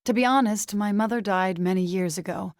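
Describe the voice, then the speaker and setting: An actress voicing a stubborn, defensive young farmer woman in a fantasy video game, talking with hesitant pauses. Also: medium pitch, no room sound, clean studio sound, natural voice. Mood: warm. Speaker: game companion character.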